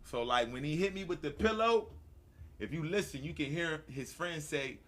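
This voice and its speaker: A man hosting a morning show, telling stories in a slangy, excitable way and laughing often. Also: on the high side, moderate pace. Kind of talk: animated storytelling to a live audience.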